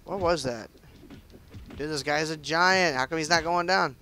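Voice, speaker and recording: A man's voice: a little high, normal speed, pushed and bright, a little hiss or hum. A young man chatting loosely through live gameplay commentary, with lots of fillers and restarts. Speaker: game streamer.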